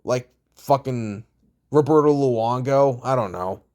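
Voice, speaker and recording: A man's voice: mid-range voice, slow pace, a little mellow. A young man from Canada giving blunt, profane hockey opinions in a casual, rambling rant full of restarts. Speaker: hockey vlogger.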